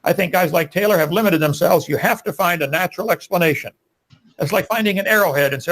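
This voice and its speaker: Man, emphatic, preachy, debating, slightly high voice. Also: fast talker, a bit bright. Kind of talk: debate argument.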